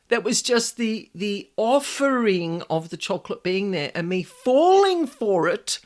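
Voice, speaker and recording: An Australian woman hosting a solo podcast, telling a chatty personal anecdote and acting out her own inner voices. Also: medium pitch. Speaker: podcast host, paranormal specialist. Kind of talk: casual solo podcast storytelling.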